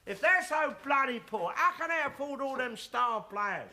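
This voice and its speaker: Alf Garnett: a ranting old bigot. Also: male voice, very high voice, lively intonation, normal speed, heavily acted. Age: older. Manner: blustering, shouting, self-satisfied ranting. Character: bigoted loudmouth old London football fan. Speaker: sitcom character. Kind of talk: studio sitcom acting.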